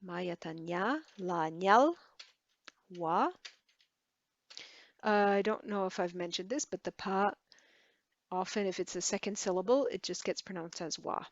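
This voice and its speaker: A woman teaching a Tibetan lesson, halting and correcting herself as she spells words out syllable by syllable. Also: medium pitch, no echo, highs cut off. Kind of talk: relaxed online language lesson.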